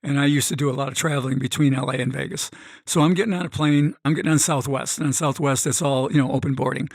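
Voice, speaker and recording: A middle-aged man, a guest on a podcast, telling a story in an animated way and acting out the voices of the people in it. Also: mid-range voice, fast talker, no echo. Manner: animated, acts out quoted voices. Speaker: guest, gambling expert. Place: podcast studio.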